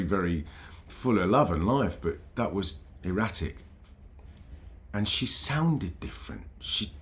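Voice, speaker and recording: A deep-voiced man recounts a personal story on his channel. He talks haltingly and emotionally, often stopping and starting over mid-sentence. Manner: halting, emotional, with frequent restarts. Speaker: channel host.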